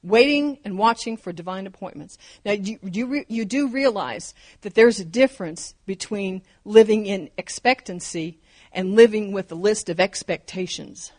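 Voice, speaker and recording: A woman's voice: medium pitch, normal speed, darkish tone. A woman in her fifties or older preaching a sermon, fervent and emphatic, driving her points home with repeated phrases.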